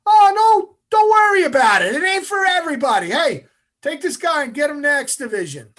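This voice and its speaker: A man acting out a loud, mocking male Navy drill instructor who shouts orders and taunts. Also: very high-pitched, very animated, brisk, voice pushed up, exaggerated voice. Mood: mock cheerful.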